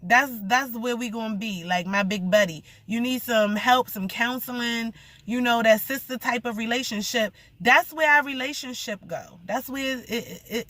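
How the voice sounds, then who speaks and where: A woman's voice: fairly high pitch, fairly bright tone, dry recording. A young woman rambling through a blunt, profane story in a casual vlog rant.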